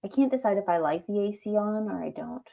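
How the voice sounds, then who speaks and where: A woman's voice: mid-range voice, expressive, a little fast, creaky, dark tone. A woman co-hosting a livestream, chatting casually and often asking questions. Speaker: livestream co-host. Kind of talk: casual chat. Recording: dull lo-fi sound.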